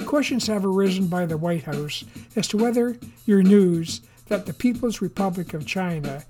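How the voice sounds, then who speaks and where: A reader voicing a male television reporter asking pointed, measured questions. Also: mid-range voice, lively intonation, dark tone, faint music behind, natural voice. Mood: probing.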